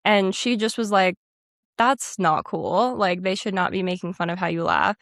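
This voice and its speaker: A woman's voice: medium pitch, normal speed, creaky, a bit bright, no room sound, studio quality. A woman co-hosting a podcast, musing earnestly in casual chat about an anime. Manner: earnest, musing, many likes. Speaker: podcast co-host.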